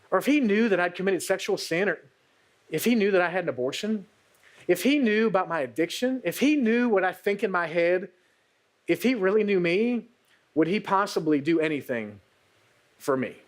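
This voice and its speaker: A worried woman in pain, stammering and second-guessing whether she is worth helping, as a male preacher puts her on in a sermon. Her voice sits high and moves around a lot, and she trips over her words. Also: animated, normal speed. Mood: ashamed. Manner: hesitant, self-doubting, stammering. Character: anxious hurting woman doubting herself.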